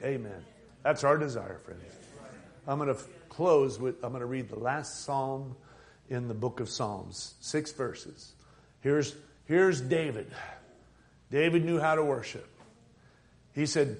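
A man preaching a fervent sermon at a church service, building from quiet stretches up to near-shouting passion. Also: mid-range voice, slow, vocal fry, pauses often.

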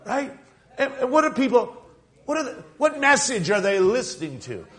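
A man's voice: very high voice, sing-song, fairly bright tone. A man preaching a sermon in a fervent, emphatic way, stretching out words for weight. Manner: fervent, emphatic, drawn-out stresses.

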